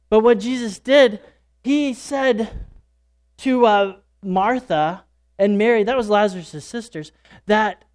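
A church speaker retells a Bible story in character, delivering a first-person dramatic monologue as a disciple. His male voice is high-pitched with a darkish tone, and he tells it in a casual, folksy way full of fillers and asides.

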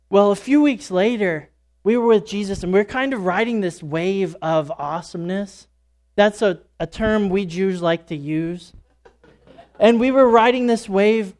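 A man's voice: high-pitched, darkish tone. A man giving a first-person dramatic monologue as a disciple, speaking as a church speaker in a casual, folksy storytelling way with fillers and asides. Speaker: church speaker retelling a Bible story in character.

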